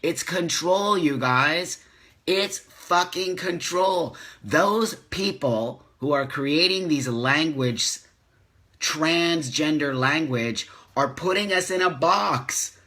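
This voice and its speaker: A man's voice: on the high side, expressive, slow, sharp tone. A man in his fifties hosting a live stream, speaking with passion, preaching and repeating lines for emphasis, with some swearing. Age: 50s. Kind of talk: live-streamed motivational talk. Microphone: phone or webcam, live stream.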